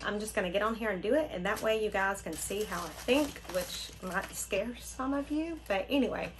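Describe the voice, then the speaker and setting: A woman's voice: medium pitch, moderate pace, background noise. A middle-aged woman, hosting a casual unboxing vlog and gushing with delight to her viewers. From Florida. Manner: gushing, exclaims often, talks to viewers. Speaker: craft channel host.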